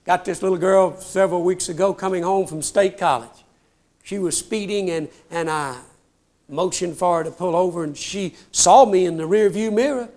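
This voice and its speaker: A man's voice: high-pitched, moderate pace, a little mellow. An older man telling comic stories on stage in a folksy, self-mocking way, often calling the crowd "folks". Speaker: comedian telling trooper stories. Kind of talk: stand-up storytelling.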